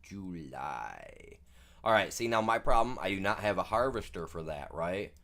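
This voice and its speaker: A man's voice: fairly low pitch, brisk, fairly bright tone. A man streaming a farming game, chatting casually to viewers in a rambling, jokey way and saying "man" constantly. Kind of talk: casual gameplay commentary.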